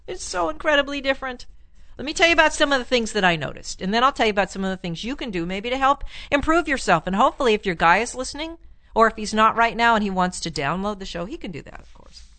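A woman hosting an advice show as a relationship therapist, answering listener letters in a chatty, animated way and laughing often. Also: on the high side, quick pace, no echo. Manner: chatty and animated, laughs often, plays up lines with mock exclamations.

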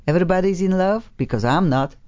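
A low-pitched woman radio host with a very animated, swooping delivery, playful and chatty, sounding a little sleepy. She draws out words for emphasis as she talks with guests in the studio. The broadcast sound is slightly dull. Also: quick pace. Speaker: radio talk show host. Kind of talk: casual radio chat.

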